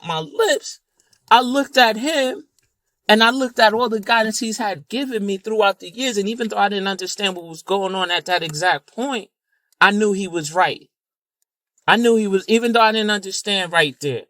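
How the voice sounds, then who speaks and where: A man's voice: sits high, fairly bright tone, dry recording. A man telling a personal story in an emphatic, casual way, repeating words and using fillers like "you know.". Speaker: video creator.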